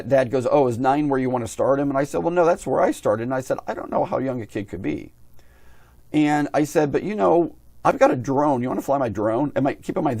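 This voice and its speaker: A man's voice: medium pitch, warm tone, no echo. A middle-aged man, an aviation hobby vlogger, tells a long casual story, rambling and repeating himself. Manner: rambling, repeats himself, quotes others in his own voice.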